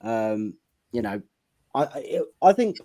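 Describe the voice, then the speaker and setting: A man's voice: mid-range voice, big pitch swings, measured pace, warm tone, a little hiss or hum. A British man hosting a podcast, explaining things in casual chat with loose, repeated phrases. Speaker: podcast host.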